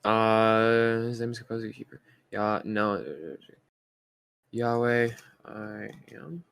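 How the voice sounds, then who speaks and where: A man's voice: lowish voice, little pitch movement, takes it slowly, creaky, fairly bright tone, smooth, no echo. Young man rambling through a story. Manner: rambling storyteller, many fillers and restarts. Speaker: podcast co-host. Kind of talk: casual chat.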